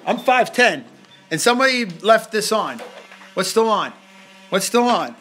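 A man in his thirties, a dad hosting a live family toy stream from home, chatting loosely with his kids and reading viewer comments fast, joking and tripping over his words. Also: sits high, sing-song, pushed and bright, faint music behind. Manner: loose, joking, reads comments quickly and stumbles. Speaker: family channel host, dad. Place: home, indoors.

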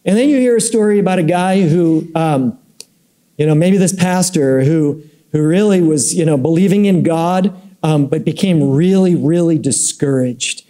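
A man with a high, mellow voice leads a church Bible class in front of a live group. He talks loosely and conversationally, telling stories and kidding with his listeners. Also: normal speed. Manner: conversational, storytelling, joking with the class. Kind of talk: casual Bible class lecture.

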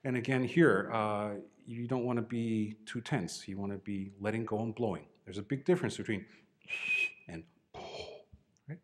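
A man's voice: lowish voice, normal speed. A man teaching a trombone masterclass, coaching a student with short, encouraging cues and dry humor.

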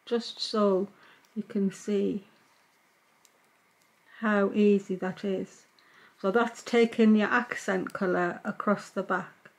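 A woman gives a knitting tutorial, narrating each stitch as she works. Her voice sits in a middle pitch, and she speaks in a calm, patient way. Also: gravelly, poor audio. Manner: calm, patient, talks while working. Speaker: knitting teacher. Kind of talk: step-by-step craft tutorial.

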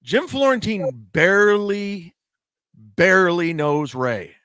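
Annoyed insistent guy, kinda high voice, dry sound. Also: very animated, takes it slowly, fairly bright tone, clean tone, dry recording. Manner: aggrieved, insistent. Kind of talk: complaining casual talk.

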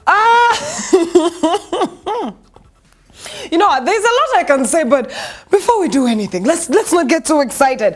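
A woman's voice: sits high, very animated, moderate pace. A Ugandan woman hosting a celebrity gossip show, sassy and mocking, laughing through her commentary.

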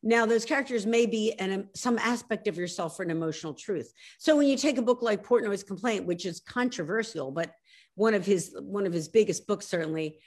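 A woman in her sixties from South Philadelphia, with a Philadelphia accent, talking as a guest author in an animated, emphatic way on a video call. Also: mid-range voice. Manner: animated, emphatic, quick to laugh at herself. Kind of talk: casual interview chat.

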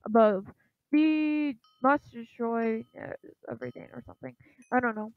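A woman giving casual commentary while she plays a video game. She sounds unsure and apologetic, uses many fillers, and urges the game on with quick repeated shouts. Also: a little high, dry recording. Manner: hesitant and apologetic, lots of fillers. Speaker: gaming channel host. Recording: tinny lo-fi, phone-like sound.

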